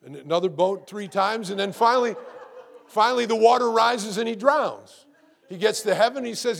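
Speaking to his congregation, a middle-aged pastor preaches in a lively, conversational manner, repeating words often and asking rhetorical questions. His voice sits high and is creaky, at a normal speed.

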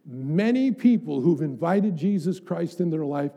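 A man's voice: on the high side, expressive, unhurried, warm tone. A middle-aged man preaching a sermon as pastor, emphatic, building up with rhetorical questions to the congregation.

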